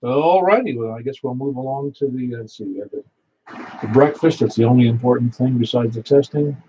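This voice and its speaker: Here the net control operator has a husky, warm, mid-range voice with a steady tone and a slightly quick delivery. He works through the amateur radio net's announcements in a meandering, homespun manner, going back over details to confirm them. There's a faint hiss, and the sound is a bit dull.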